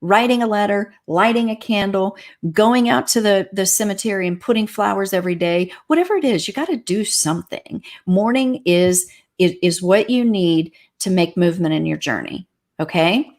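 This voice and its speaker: On a livestreamed talk show, a pet loss grief counselor speaks in a mid-range voice at a normal speed. She teaches in a repetitive, emphatic way as she chats.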